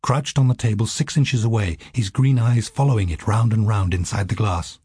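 Dark, very husky male narrator. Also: lowish voice, moderate pace, no room sound, clean studio sound. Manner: steady, vivid storytelling. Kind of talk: audiobook narration.

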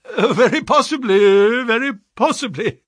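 A man voicing a shaken, nervous middle-aged company man who stammers and strains to sound calm. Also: a little high, normal speed, breathy edge, dry recording, studio quality, voice pushed up, heavily acted.

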